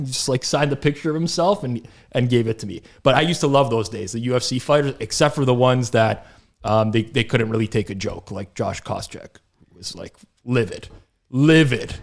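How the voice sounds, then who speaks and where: Laughing, animated male podcast co-host. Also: medium pitch, moderate pace. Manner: animated storyteller, laughs often, acts out quotes. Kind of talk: casual chat.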